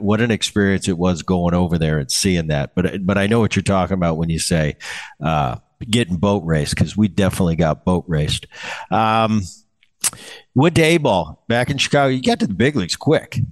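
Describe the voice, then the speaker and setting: A man in his fifties with a low-pitched voice hosts a casual podcast chat. He tells old playing stories in a loose, rambling way. He repeats himself and leans on fillers as he talks. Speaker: podcast host, former ballplayer.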